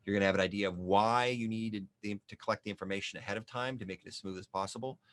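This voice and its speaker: A man's voice: sits low, fairly bright tone. A man walks through an online application in a screen-share tutorial. He jokes and thinks aloud as he types. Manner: chatty and joking, thinking aloud while typing. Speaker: small business advisor demonstrating an application.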